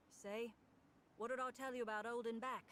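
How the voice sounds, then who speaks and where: A woman's voice: on the high side, steady tone, unhurried, fairly bright tone, a little hiss or hum. Give me a sardonic young British woman, dry and teasing. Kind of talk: video game voice acting.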